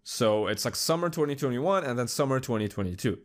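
Young guy doing a solo podcast rant, swears a lot, rambles, mid-pitched voice. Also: animated, brisk. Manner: loose, rambling, heavy swearing. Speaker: podcast host. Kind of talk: casual solo commentary.

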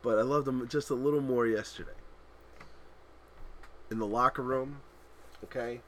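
A man in his thirties co-hosting a podcast, telling animated family stories in casual chat and laughing loudly at them. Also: medium pitch, moderate pace, slight background noise. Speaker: podcast co-host.

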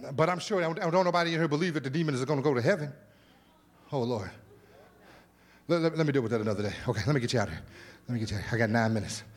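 A man preaching a sermon as pastor in a church, animated, with repeated words, exclamations and casual asides to the congregation. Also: medium pitch, racing, pauses often. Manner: informal, conversational asides to the congregation. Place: church sanctuary.

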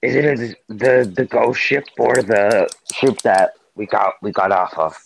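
A man's voice: fairly low pitch, a little slow, vocal fry, slight background noise, rough recording. A man playing in a tabletop game podcast, asking questions casually and tossing in pirate slang. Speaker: player.

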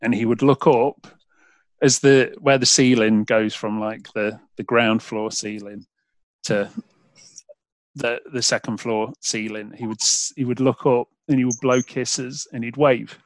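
A man's voice: mid-range voice, steady tone, a little slow, no echo. A man in his thirties with a Derby English accent, hosting a podcast and telling rambling stories with many restarts. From England. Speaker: podcast host. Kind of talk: casual chat.

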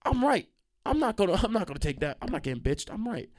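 A young man hosting a solo podcast, telling stories in a profane, animated, easily sidetracked way. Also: sits high, very fast. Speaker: podcast host. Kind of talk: solo rambling storytime podcast.

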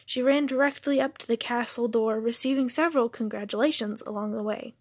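A woman's voice: fairly high pitch, fairly quick, breathy edge, no room sound. A woman reading a fairytale romance story aloud, sometimes tripping over words and correcting herself. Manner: self-correcting slips while reading. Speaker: narrator. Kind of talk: reading a story aloud, doing character voices.

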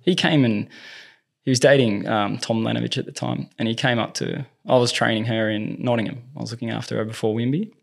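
An Australian man, a tennis movement coach, telling lively anecdotes in a casual interview. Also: mid-range voice, fairly quick, creaky. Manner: lively anecdotes, acts out quoted dialogue.

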